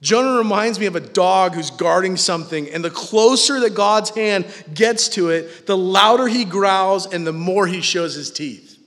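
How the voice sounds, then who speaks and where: High-voiced pastor preaching in a reverberant hall. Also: male voice, moderate pace, hardly any pauses. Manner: animated, casual, acts out quoted voices. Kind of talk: sermon. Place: church hall with live audience.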